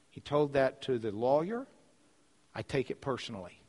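A man preaching a sermon, telling a story with lively delivery and repeating phrases for emphasis. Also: medium pitch, moderate pace. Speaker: pastor. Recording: reverberant hall.

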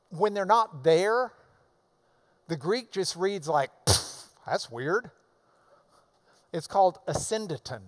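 A man preaching an expository sermon, emphatic, repeating key words in loud bursts and adding folksy asides to the congregation. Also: a little high. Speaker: preacher teaching a Bible passage.

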